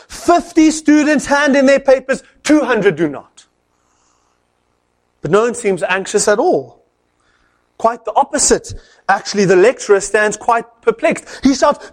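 A man preaching a sermon, telling a story in an animated way with dramatic pauses. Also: high-pitched.

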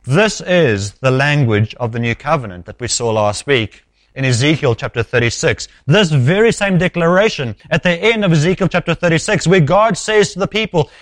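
Guy preaching a sermon, kinda high voice, emphatic, dry close mic. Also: lively intonation, no echo. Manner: measured, emphatic, drops low at phrase ends. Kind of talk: expository sermon.

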